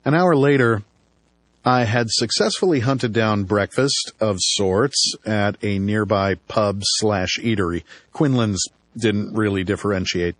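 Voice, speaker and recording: Male audiobook narrator, low-pitched, dry and wry. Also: a little slow, fairly bright tone, no echo. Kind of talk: first-person audiobook narration.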